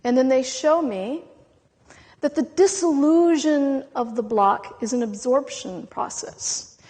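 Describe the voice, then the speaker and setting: A woman's voice: high-pitched, mellow. Emotional woman speaker in a reverberant hall. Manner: intense, dramatic, with long pauses between words. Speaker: spiritual speaker. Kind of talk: impassioned spiritual talk to a live audience.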